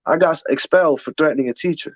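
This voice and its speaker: A man with a slightly high voice talks fast as an interview guest, candidly laying out his life. He's emphatic and profane, repeating words whenever he restarts a thought. No room sound comes through on this dull, lo-fi, dry recording.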